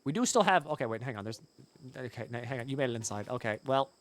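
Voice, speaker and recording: A man's voice: mid-range voice, animated, quick pace. A man streaming a colony game live, chatting casually with his viewers, answering their questions and swearing freely. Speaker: gaming streamer.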